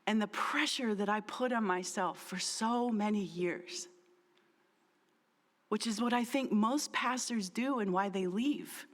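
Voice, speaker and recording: A middle-aged woman pastor delivers an earnest sermon, her voice sitting a little high. She speaks slowly and deliberately, leaning on repeated lines. Her words ring out with a long reverb, as in a church sanctuary. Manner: earnest, emphatic, with repeated phrases. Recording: long reverb of a large hall.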